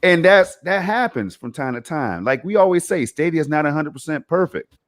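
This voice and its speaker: A man's voice: fairly high pitch, expressive, brisk. A man hosting a casual gaming podcast, talking in a laid-back, slangy way and dropping "man" and "bro" into most sentences. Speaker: podcast host.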